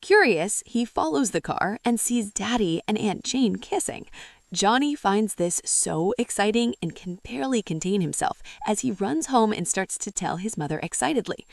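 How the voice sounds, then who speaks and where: A woman narrates jokes in a brisk, scripted storytelling style. Her pitch sits in the middle of her range and moves freely. The recording is close and dry. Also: expressive, vocal fry, no room sound. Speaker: joke teller.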